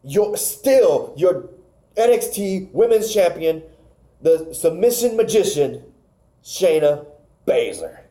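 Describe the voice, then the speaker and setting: A man's voice: fairly high pitch, sing-song, slow pace, dark tone. A man co-hosting a podcast, casually recapping wrestling matches, rambling and stumbling over names. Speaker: podcast co-host.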